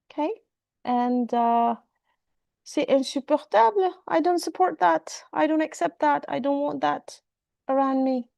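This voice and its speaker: A woman's voice: high voice, gravelly, darkish tone, no echo. A woman teaching French in an online class over a video call, repeating phrases and switching between French and English.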